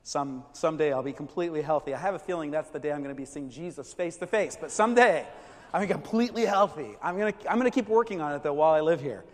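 Male pastor, high voice, lively conversational preaching, church hall reverb. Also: quick pace. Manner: animated, conversational preaching with asides. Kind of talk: sermon.

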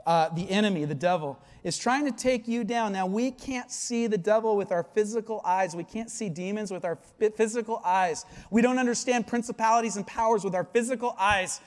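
A man's voice: sits high, fairly quick, hardly any pauses, big-room sound. A male pastor delivering a sermon, earnest and often asking the congregation questions.

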